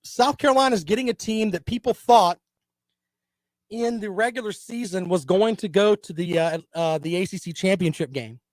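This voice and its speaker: A man's voice: high voice, normal speed, dry recording. A man hosting a casual live-stream sports talk show, giving opinions and reading viewer comments.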